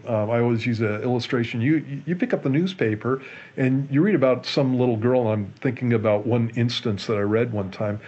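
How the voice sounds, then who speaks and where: A man, a pastor, explaining a Bible passage in a relaxed Q&A show, earnest and often restarting and repeating his words. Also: mid-range voice, husky, muffled recording. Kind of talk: conversational Bible teaching in a Q&A show.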